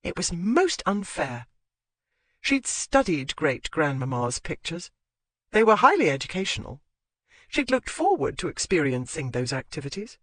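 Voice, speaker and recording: An audiobook narrator reading a historical romance in an expressive, lilting way. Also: mid-range voice, dry recording. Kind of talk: scripted narration.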